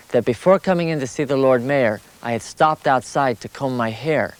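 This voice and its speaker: Animated man telling a travel story. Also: mid-range voice. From United States. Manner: animated, rising sharply at the funny parts. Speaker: walker recounting his travels. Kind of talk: anecdotal storytelling.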